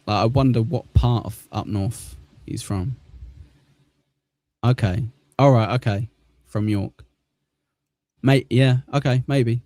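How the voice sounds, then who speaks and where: On a casual live stream, a southern English host with a Mancunian accent jokes and swears frequently, laughing at himself over his bad luck. He talks slowly, pausing often, in a medium-pitched, dark voice with no echo.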